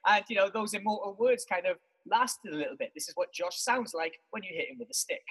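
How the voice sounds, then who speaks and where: A man with a husky, slightly rough voice, telling stories about his past in a casual, animated way. His pitch swings up and down a lot as he mocks himself and throws in the odd swear word. He talks from his bedroom like a podcast co-host chatting on air. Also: fairly quick, low-quality recording. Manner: animated, self-mocking, swears freely. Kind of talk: casual storytelling monologue.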